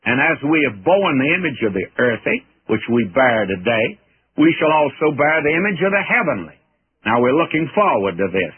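A man's voice: medium pitch, sing-song, normal speed, breathy edge. A man teaching the Bible verse by verse in a folksy, earnest, emphatic way. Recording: tinny old radio broadcast.

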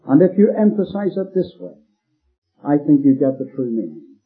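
Very husky male preacher, lively pitch. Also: moderate pace. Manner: emphatic, repeats key phrases, rising stress. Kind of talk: expository sermon. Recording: phone-like lo-fi recording with faint music.

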